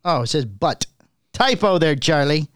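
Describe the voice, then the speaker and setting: Guy reading podcast news off a sheet, kinda high voice, trips on names, dry close mic. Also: animated, measured pace, a bit bright, no room sound. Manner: reads news items aloud, stumbling over names. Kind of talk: casual podcast chat.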